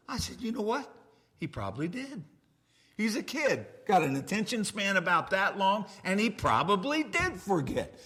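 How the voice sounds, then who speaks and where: A man preaching a revival sermon as pastor, telling stories and swinging from loud outbursts to hushed asides. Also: a little high, very animated, normal speed.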